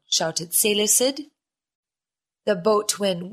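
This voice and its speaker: A woman reads a children's picture book aloud at an unhurried, careful pace. Her pitch swings widely as she tells the story. She keeps her reading clear and expressive throughout. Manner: lively, slow, clear reading with voiced shouts for characters. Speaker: storybook reader.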